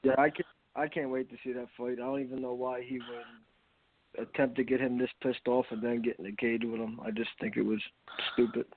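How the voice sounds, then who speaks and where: Terse gravelly man on a phone line. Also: medium pitch, little pitch movement, a little fast. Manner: terse, matter-of-fact. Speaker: guest fighter. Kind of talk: casual interview.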